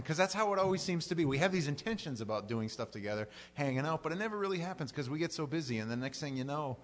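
A man's voice: on the high side, lively intonation, fast, few pauses. A middle-aged male pastor giving a plain-spoken, conversational sermon and often acting out the voices he quotes.

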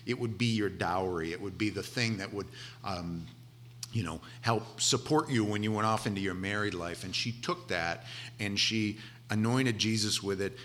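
A man preaching a conversational sermon, retelling scripture with animated asides and voiced characters. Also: deep voice, slight background noise.

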